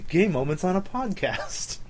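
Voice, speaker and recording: A young man in a loose, jokey podcast chat, with a voice sitting a little higher than most men's. He tells stories with animation and laughs often. He breaks into impressions of the people he describes. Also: a little hiss or hum. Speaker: podcast co-host. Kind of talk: casual chat.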